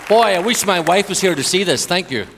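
Irish man, visiting preacher, joking sermon and hushed prayer, long church reverb. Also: high-pitched, lively intonation, brisk, creaky, a faint crowd, a little hiss or hum. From Ireland. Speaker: guest preacher. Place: large church.

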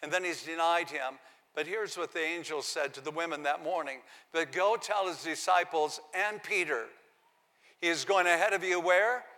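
A man's voice: a little high, moderate pace, sharp tone, in a large hall. A man preaching a sermon, reading scripture aloud and giving the quoted lines dramatic emphasis. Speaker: pastor.

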